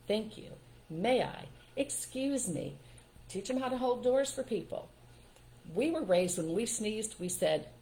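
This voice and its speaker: An older woman hosting a live stream, giving parenting advice in a relaxed, emphatic way and acting out what to say to children. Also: mid-range voice, slight background noise. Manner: emphatic and instructive, acts out what parents should say.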